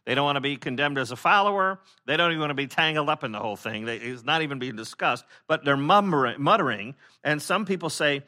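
A pastor preaching a conversational sermon, with many fillers and restarts, who acts out the people he quotes in lively voices. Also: fairly high pitch, fast, hardly any pauses.

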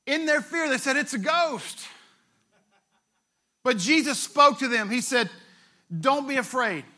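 A man's voice: very high-pitched, bright, forceful tone. A male pastor, preaching a sermon in a conversational way, retelling scripture with playful asides.

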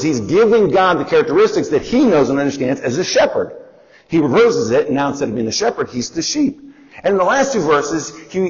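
A man teaching a Bible lesson in a conversational, explanatory way, sometimes asking listeners to repeat after him and acting out quotes. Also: a little high. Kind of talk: Bible lesson, call and response. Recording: dull audio with long hall reverb.

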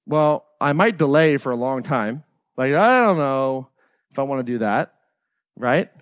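A man's voice: mid-range voice, lively intonation, a little slow, clean tone, no echo, studio quality. A middle-aged man leading a live workshop, talking casually and with profanity, often checking in with the audience by asking "right?". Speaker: workshop leader.

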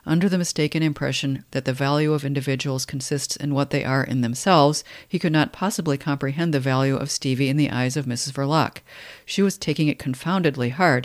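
A man's voice: a little high, dry recording, studio quality. Wry man commenting on a novel. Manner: wry, conversational commentary between read passages. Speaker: literary commentator.

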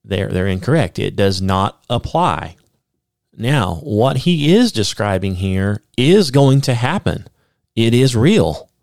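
A man teaching the Bible on a podcast, explaining step by step with many "okay?" checks and reading scripture aloud slowly with emphasis. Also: lowish voice, big pitch swings, gravelly, darkish tone, no echo, studio quality. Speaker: podcast preacher.

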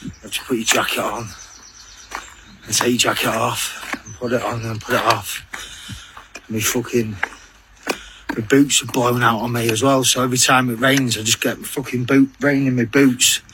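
A man's voice: mid-range voice, level tone, moderate pace, long pauses, noisy background. Weary, sweary man outdoors. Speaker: long-distance walker recording a video diary. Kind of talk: grumbling video diary. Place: outdoors on a walking trail.

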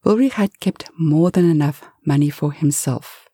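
A woman narrating a bedtime story for adults in a soft, half-whispered delivery. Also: low-pitched, normal speed, slightly rough, dry recording, clean studio sound.

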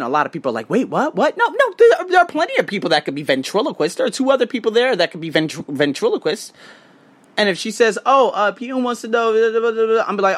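A man's voice: high-pitched, fairly quick. A young American man with a casual, slangy, profane delivery, hosting a podcast monologue about his work as a teacher abroad. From United States. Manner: animated, profane, street slang. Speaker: podcast host.

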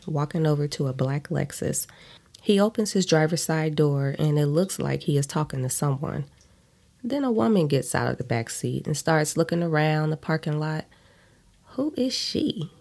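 A woman's voice: low-pitched, vocal fry, warm tone. A woman reading a first-person story aloud in a blunt, profane way, stopping for side comments.

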